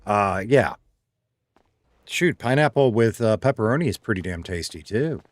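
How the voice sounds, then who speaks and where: A man's voice: lowish voice, expressive, moderate pace, dry recording. A man streaming a roleplay game, chatting casually with his chat and reading messages aloud. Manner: chatty, reads chat aloud, laughs easily.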